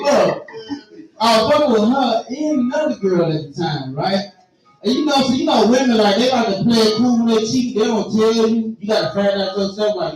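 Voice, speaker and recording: High-voiced man doing raunchy stand-up. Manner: animated, profane, laughing through his own stories. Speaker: stand-up comedian. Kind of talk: stand-up comedy storytelling. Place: live comedy venue on stage. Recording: echoey venue, distant mic, crowd noise. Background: audience reacting.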